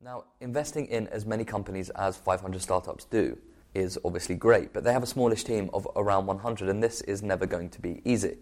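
A man with a notably low, deep voice narrates a podcast segment. His delivery is scripted and measured, walking the listener through each point. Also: darkish tone. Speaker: podcast host.

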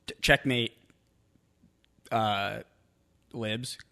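Bright-voiced man with dry quips. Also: on the low side, fairly even intonation, extremely slow, gravelly. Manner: short reactions and dry quips. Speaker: podcast co-host. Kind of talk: casual chat.

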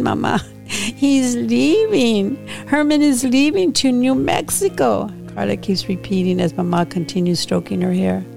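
A woman podcast host and author reading her own novel aloud in a slow, unhurried storytelling manner. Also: on the low side, creaky, darkish tone.

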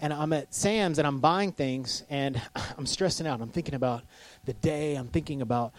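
A middle-aged preacher delivers a loose, conversational sermon, poking fun at himself and checking in with the congregation. His voice sits a little high for a man. The sound is close and dry. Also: moderate pace, no room sound. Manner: conversational, self-deprecating, asks the crowd for agreement. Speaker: pastor.

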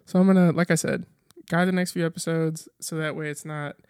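Young podcast host, loose playful solo chat, rapid rambling delivery, relaxed mellow tone. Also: medium pitch, clear, resonant tone, no echo, studio quality. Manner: rambling, talks very fast; playful, jokes at own slips.

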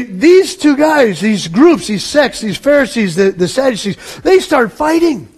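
A man preaching a sermon, animated, acting out quoted voices and laughing with the congregation. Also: very high voice. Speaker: pastor.

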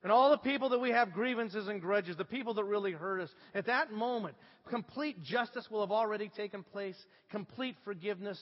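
A middle-aged pastor with a bright, high-pitched voice delivers a storytelling sermon, dropping low and quiet, then climbing loud. The sound is slightly dull, carried in a long church reverb. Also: male voice, fairly quick, hardly any pauses. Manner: animated storytelling, swinging from hushed to shouting. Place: church sanctuary.

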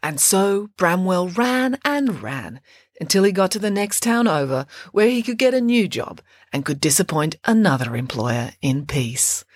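A woman narrating a children's story in a playful, expressive way. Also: fairly low pitch, a little slow, dry recording, clean studio sound.

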